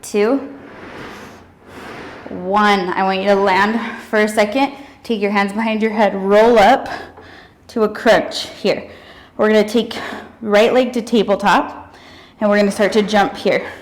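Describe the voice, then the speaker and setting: Young woman fitness instructor, counting reps and whooping, kinda out of breath, slow talker. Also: medium pitch, a little hiss or hum, poor audio. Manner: energetic cueing with counting and whoops. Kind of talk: workout instruction cues.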